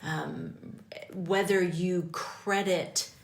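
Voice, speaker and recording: An older woman, a priest appearing as a guest, talks reflectively about leadership in a faith-based conversation. Her voice is fairly low, steady and gravelly, with drawn-out words, many ums and frequent "right?" check-ins, and the sound is roomy.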